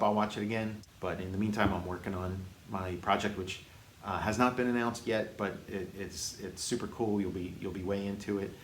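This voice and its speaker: A man hosting a casual movie review, halting often with restarts and fillers. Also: low-pitched. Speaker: host, film reviewer. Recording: echoey room with faint hiss.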